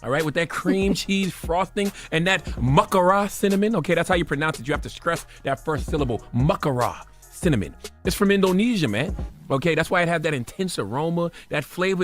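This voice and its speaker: A male radio host delivers a commentary segment, emphatic and prone to tangents, often pausing to check in with his listeners. His voice is a little high for a man. A faint music bed runs underneath. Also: fairly bright tone. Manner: emphatic, digressive, peppered with "okay?".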